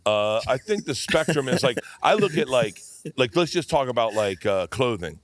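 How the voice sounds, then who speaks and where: A man's voice: mid-range voice, big pitch swings, normal speed, dry recording. A man telling crude, rambling stories in casual podcast chat, swearing freely. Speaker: podcast guest.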